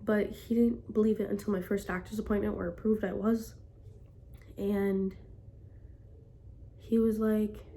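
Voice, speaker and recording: A woman's voice: medium pitch, flat delivery, unhurried, pauses often, dark tone, a little hiss or hum. A young woman telling a personal story in a casual vlog, rambling with constant "like" fillers. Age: young adult. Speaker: vlogger.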